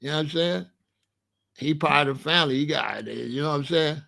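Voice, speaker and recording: A man in his sixties telling stories in a casual, animated way, full of street slang and "you know what I'm saying.". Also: on the high side, brisk, creaky. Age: 60s. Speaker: channel host. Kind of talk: casual storytelling monologue.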